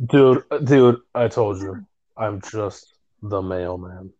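A man's voice: lowish voice, slow, mellow, dull audio, slight background noise. A young man in casual chat who retells stories through lots of quoted back-and-forth, swearing and laughing as he goes.

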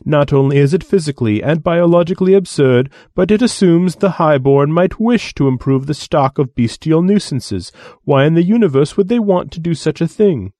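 A man's voice: a little high, expressive, normal speed, warm tone, dry recording, studio quality, voice pushed up, close to an everyday voice. A man voicing a haughty male alien envoy who lectures in a pompous, condescending way. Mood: disdainful.

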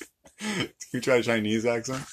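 A man's voice: mid-range voice, very noisy. A young man in casual, playful chat, rambling and laughing often.

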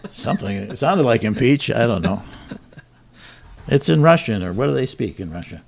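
A man's voice: medium pitch, sing-song, slow pace, vocal fry, pauses often, slight background noise. A man hosting a comedy talk show, reading joke headlines and bantering in a dry, wry way. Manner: dry, wry delivery with chuckles.

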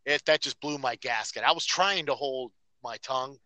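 A man's voice: mid-range voice, moderate pace, sharp tone, dry recording, rough recording. A man on a casual podcast, telling a story in a profane, ranting way. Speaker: podcast host.

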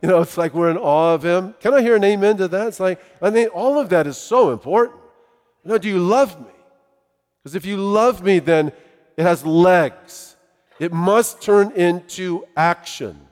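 Middle-aged male pastor, conversational animated sermon delivery, big reverberant church sound. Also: sits high, moderate pace. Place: church sanctuary. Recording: long reverb of a large hall.

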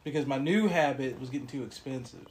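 A man's voice: medium pitch, fast talker, a little hiss or hum. A young man co-hosting a casual podcast, talking in a loose, rambling way with lots of fillers. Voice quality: laid-back, rambling with many fillers. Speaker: podcast co-host. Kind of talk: casual chat.

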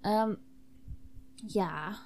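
A woman's voice: medium pitch, extremely slow, darkish tone. A young woman hosting an improvised comedy podcast while tipsy, rambling loosely and swearing between giggles. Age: young adult. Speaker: podcast host.

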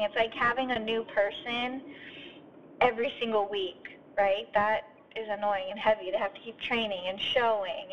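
A woman hosting a podcast, telling an earnest, heartfelt story in a voice note recorded while driving. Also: mid-range voice. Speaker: podcast host and coach. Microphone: phone voice note. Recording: dull lo-fi phone memo with faint road noise. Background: faint driving sounds.

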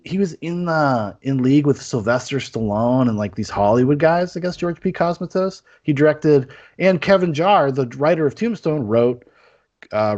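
A man hosts a casual movie review podcast, rambling with lots of fillers and restarts. His voice is medium-pitched with a darkish tone, and the podcast audio is dull and lo-fi.

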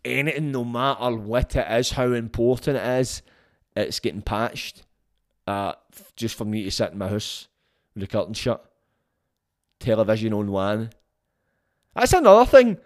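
Blunt, swearing man talking on a podcast. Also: mid-range voice. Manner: blunt and frank, swears freely. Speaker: podcast host. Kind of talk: casual solo podcast monologue.

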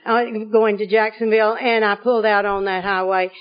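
A woman from Arkansas, telling a funny personal story to an audience in a lively comic way. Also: medium pitch, fairly quick, dull audio. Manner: lively comic delivery, often laughing. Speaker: speaker at a recovery conference.

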